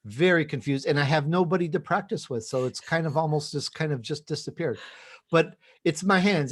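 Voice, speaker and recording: A man's voice: fairly high pitch, brisk. A man with a New York accent, chatting and joking as a podcast guest. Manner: chatty and jokey. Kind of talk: casual interview chat.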